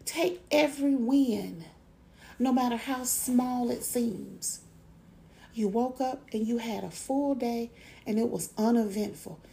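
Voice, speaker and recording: A middle-aged woman hosts a motivational podcast, with a gravelly voice that sits a little high. She talks slowly and gently, and she repeats her affirmations in a deliberate, encouraging way. Her tone is mellow and soft. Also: a little hiss or hum. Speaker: podcast host.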